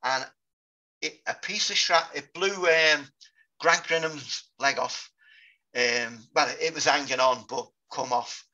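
British guy in his 50s telling a war story slow and sober, sharp bright voice, kinda dull lo-fi audio. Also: a little high. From Britain. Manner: sober, halting recollection. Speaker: guest, war veteran. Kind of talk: interview storytelling.

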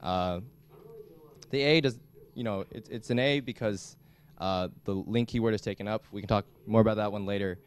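A young man giving a classroom lecture as a student instructor, talking in a halting way with many restarts. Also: fairly low pitch, clear, resonant tone. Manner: halting, frequent restarts and fillers. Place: lecture hall.

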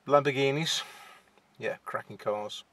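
A man's voice: medium pitch, a little slow, fairly bright tone, dry recording. A young man with a West Midlands accent chatting shyly to camera from inside a parked car, hesitant and full of fillers. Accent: West Midlands (Wolverhampton). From England. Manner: shy, hesitant, many fillers and restarts. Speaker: vlogger. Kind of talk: casual to-camera chat.

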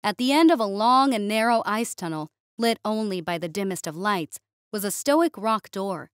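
A woman reading a sci-fi story aloud in steady, expressive narration. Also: mid-range voice, normal speed, no echo, studio quality.

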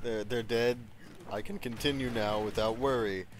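A young man giving casual gameplay commentary, excitable, swearing often and breaking into sudden loud outbursts. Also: medium pitch, normal speed, noisy background. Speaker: gaming video creator.

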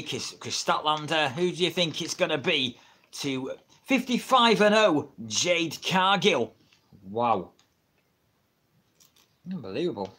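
Middle-aged English man, fairly high voice, rambling livestream chat, built-in camera mic. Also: a bit bright, slight background noise. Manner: rambling, chatty, laughs often. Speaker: wrestling livestreamer. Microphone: built-in camera mic, no microphone.

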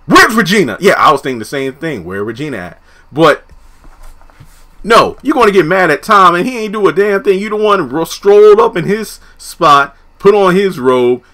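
A young man casually recapping a TV episode, animated, laughing often and acting out the characters' lines. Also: a little high. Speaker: TV episode reviewer.

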